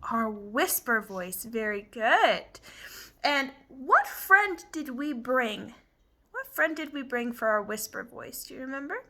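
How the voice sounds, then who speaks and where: A woman teaching young children, slow and clear, encouraging them with exaggerated emphasis. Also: fairly high pitch, expressive, pushed and bright.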